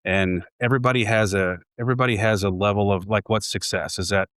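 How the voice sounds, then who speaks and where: A man's voice: lowish voice, steady tone, fast talker, fairly bright tone, clear, resonant tone, dry recording, studio quality. A man in his forties, a home builder guest, talking casually and reflectively in a podcast conversation, with frequent restarts. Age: 40s.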